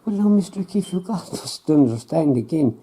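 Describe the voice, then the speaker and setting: A man's voice: on the high side, expressive, moderate pace, warm tone, breathy edge, voice pushed up. A man playing a smug, patronizing male scientist who keeps dodging questions, in a comedy sketch. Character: smug, evasive male scientist showing planet images. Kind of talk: comedy sketch, improvised two-hander.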